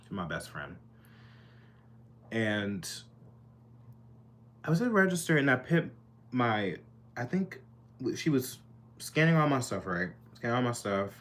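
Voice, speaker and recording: A man's voice: mid-range voice, very animated, a little slow, long pauses, fairly bright tone. Sassy, rambling young man vlogger. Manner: chatty, rambling, sassy, lots of fillers. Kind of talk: casual storytime monologue. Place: his bedroom.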